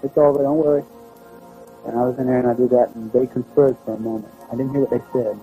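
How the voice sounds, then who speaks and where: A man telling a personal story in a plain, halting, conversational way. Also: mid-range voice, level tone, phone-quality sound, soft background music. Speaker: storyteller recounting a personal experience. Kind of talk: first-person spoken recollection.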